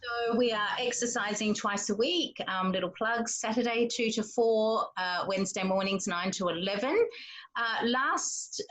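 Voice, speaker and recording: A woman's voice: fairly high pitch, a little slow, a bit bright, low-quality recording. Hesitant woman asking a question. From Western Australia. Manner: hesitant, lots of ums and uhs. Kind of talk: casual question on a webinar.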